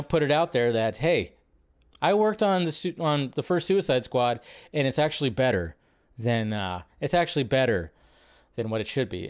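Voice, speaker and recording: A man hosting a live film news stream, chatting casually and rambling, often jumping from high excited bursts to low mutters. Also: smooth. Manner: rambling, animated, jumps between high and low.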